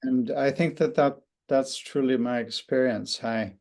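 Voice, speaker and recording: Thoughtful older man with a gravelly voice. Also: mid-range voice, fairly even intonation, darkish tone. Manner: thoughtful, halting with frequent restarts and fillers. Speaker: interview guest, author. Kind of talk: reflective conversational interview.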